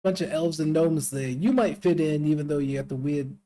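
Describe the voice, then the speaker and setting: A man's voice: on the high side, fairly quick, dark tone, close to an everyday voice, poor audio. A man playing a rude, aggressive, profane local guide character in a tabletop game. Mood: brash. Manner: profane, brash, mocking.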